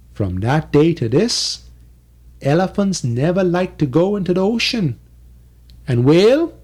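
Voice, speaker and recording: A man's voice: fairly high pitch, a little mellow. A man telling a folk tale aloud, in a rhythmic dialect with lots of repetition. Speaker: storyteller.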